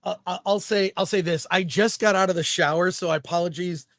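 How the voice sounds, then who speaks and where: Man, podcast host, high-pitched, jokey announcer-like delivery, dry close sound. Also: steady tone, fairly quick, a bit bright, dry recording. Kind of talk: casual show chat.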